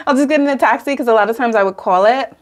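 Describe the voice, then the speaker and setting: A woman's voice: fairly high pitch, fast talker. A woman in her thirties from Atlanta, hosting a vlog, chatting casually and giggling often as she reacts and tells stories. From Atlanta, Georgia, USA. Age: 30s. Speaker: vlog host.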